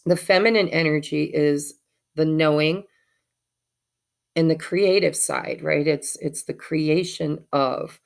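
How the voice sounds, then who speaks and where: A woman's voice: sits low, takes it slowly, gravelly. A woman giving a chatty, encouraging tarot reading with spiritual advice. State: has the hiccups. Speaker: tarot reader.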